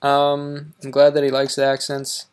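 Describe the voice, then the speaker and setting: A man with a Wisconsin accent giving casual reaction commentary, halting and filled with fillers and restarts. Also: medium pitch, monotone, clear, resonant tone. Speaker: host reacting to a video.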